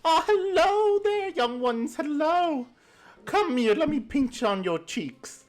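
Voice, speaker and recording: A woman voicing a sweet, fussy old grandmother who runs a farm, in a doting, drawn-out singsong manner. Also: high voice, very animated, a little mellow, voice pushed up, full character voice.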